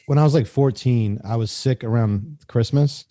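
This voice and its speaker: A man's voice: medium pitch, moderate pace, dark tone, dry recording. Young male podcast guest; wry, laughing storyteller in casual chat, dry sound. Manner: wry storyteller, laughs through his tales.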